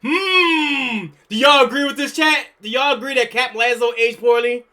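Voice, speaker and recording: A man's voice: very high-pitched, normal speed, bright, forceful tone. A man streaming live, joking with his chat and laughing often in a casual reaction style.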